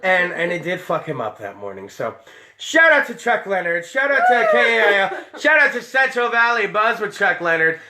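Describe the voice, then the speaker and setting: A man's voice: high-pitched, very animated, normal speed, sharp tone. A man hosting a live-streamed show, talking in a loose, tipsy, heavily profane way. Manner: rowdy, tipsy, swears a lot. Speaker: podcast host.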